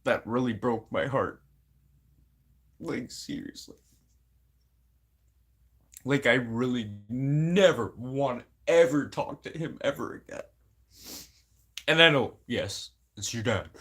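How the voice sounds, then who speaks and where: A man's voice: medium pitch, lively intonation, takes it slowly, pauses often, fairly bright tone, breathy edge. An adult man venting casually to camera, blunt and rambling, swearing constantly and sounding aggrieved. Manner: emotional, aggrieved. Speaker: vlogger.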